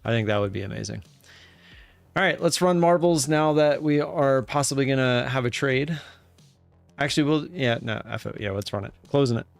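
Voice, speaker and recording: A man hosting a live stream in casual chatter, who breaks into loud cheering now and then. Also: mid-range voice, moderate pace, vocal fry, no echo, faint music behind.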